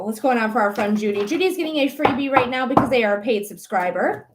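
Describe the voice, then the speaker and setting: A woman's voice: fairly high pitch, fast, noisy background. A woman giving tarot readings on a live stream, chatting to her viewers and pets between cards. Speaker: psychic tarot reader.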